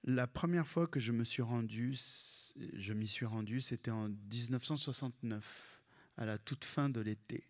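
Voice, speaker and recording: Halting, wry man reading aloud. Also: medium pitch. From Lebanon. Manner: halting, self-correcting, wry. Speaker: comics author. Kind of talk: live reading with commentary. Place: library event.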